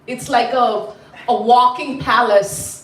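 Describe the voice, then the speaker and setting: A woman from India, telling a story to a class in an animated, chatty way and quizzing her listeners. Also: on the high side, slow pace. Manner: animated, chatty, asks the group questions. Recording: roomy, mic at a distance.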